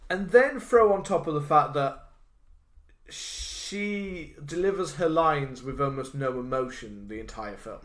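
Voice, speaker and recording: A man's voice: fairly high pitch, animated, unhurried, fairly bright tone. A man co-hosting a podcast, chatting casually about a film, rambling with lots of fillers, restarts and swearing. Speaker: podcast co-host. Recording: roomy echo.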